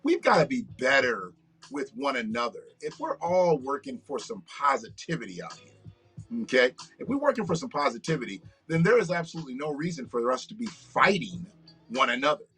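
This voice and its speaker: A man's voice: mid-range voice, sing-song, fairly quick, a bit bright, husky, soft background music. A man hosting an unscripted livestream monologue in front of a green screen, talking in an emphatic, profane, preachy rant. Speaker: livestream host.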